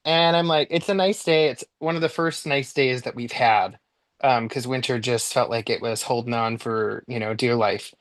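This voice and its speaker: Guest storyteller, male, chatty and lively, middle pitch, dry recording. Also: moderate pace, no echo. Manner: animated, jumps high in pitch when replaying his own panic; chatty with frequent likes and ums. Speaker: podcast guest. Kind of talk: casual storytelling.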